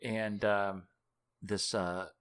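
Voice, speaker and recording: A low-voiced man tells a long story as an interview guest. He rambles and mocks himself, stumbling through fillers and restarts as he goes, and sounds casual and conversational throughout. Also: flat delivery, drawn-out words, a bit bright, smooth. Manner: rambling, self-mocking, many fillers and restarts. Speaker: guest, author and journalist.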